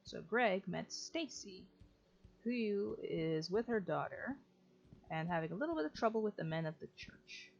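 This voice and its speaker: A woman's voice: medium pitch, expressive, a little slow, vocal fry, a little hiss or hum. A woman hosting a let's play, giving casual, chatty gameplay commentary and explaining each step to viewers. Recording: lo-fi with faint game music.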